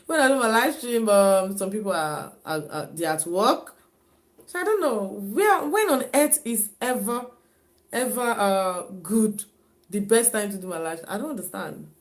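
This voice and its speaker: A woman's voice: mid-range voice, lively intonation, a little slow. A woman chatting casually on her own live stream, repeating herself and often laughing and sighing. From Africa.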